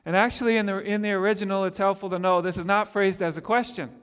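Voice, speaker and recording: A man preaching a sermon, animated, acting out the speakers he quotes and often repeating his words. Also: high voice, fast talker, smooth, long reverb tail.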